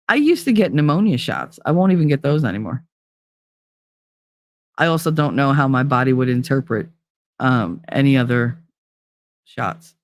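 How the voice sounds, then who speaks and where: A woman's voice: sits low, no room sound, studio quality. Blunt, emotional woman livestreamer. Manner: blunt, profane and emotionally open. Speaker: livestream host. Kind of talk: casual livestream chat.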